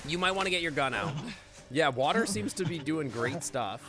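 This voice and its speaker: A man's voice: fairly high pitch, lively intonation, normal speed. Chatty laughing male game streamer. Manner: chatty, laughing often, reacting on the fly. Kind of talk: live gameplay commentary.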